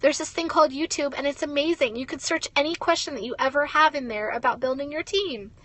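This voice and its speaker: A woman's voice: high-pitched, fast talker, a bit bright, no echo. A young woman giving a blunt, ranting motivational talk as a network marketing leader, swearing and saying "like" a lot.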